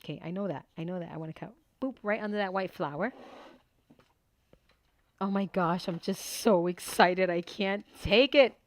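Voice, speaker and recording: At her home desk, a middle-aged woman leads a papercraft tutorial, her voice lowish and her pace normal. She chats in a casual, excited way, narrating every step to herself as she goes.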